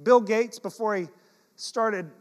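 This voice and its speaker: A high-voiced male pastor shares personal stories from the pulpit, mixing playful self-mockery with earnest exhortation. His voice carries a long reverb from the church sanctuary. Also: slow. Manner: storytelling, animated, self-deprecating humor.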